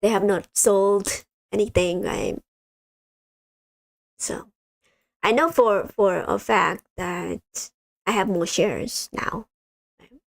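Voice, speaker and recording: Woman, livestream host, slow, gravelly, rambling, lots of fillers, dry sound. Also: medium pitch, no echo. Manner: rambling, many ums, addresses viewers as you guys. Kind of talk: casual livestream chat.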